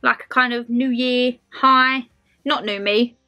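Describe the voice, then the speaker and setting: A woman's voice: a little high, fairly even intonation, unhurried, sharp tone. A woman in her twenties doing a casual, rambling Q&A vlog to camera, calling her viewers her lovelies. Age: 20s. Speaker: lifestyle vlogger.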